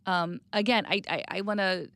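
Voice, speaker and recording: A woman in her thirties speaking candidly and reflectively as an interview guest, sometimes dropping to a soft, quiet voice. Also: steady tone, moderate pace, clear, resonant tone, no room sound, studio quality. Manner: reflective, plainspoken, drops to a soft low voice on hard news.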